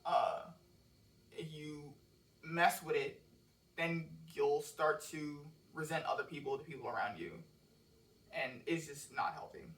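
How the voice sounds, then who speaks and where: A man's voice: fairly high pitch, a little slow, long pauses, fairly bright tone. A man casually explaining his own song lyrics, rambling and cursing freely, recorded at home on a cheap microphone. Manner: loose, rambling, curses freely. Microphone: cheap microphone with laptop and phone. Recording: roomy echo, mic set far off.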